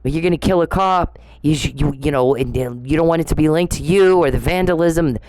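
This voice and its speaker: Here a middle-aged woman vlogger rants angrily to camera in a deep, slightly mellow voice at a brisk clip. The tone is sarcastic and confrontational, laced with profanity and a barrage of rhetorical questions.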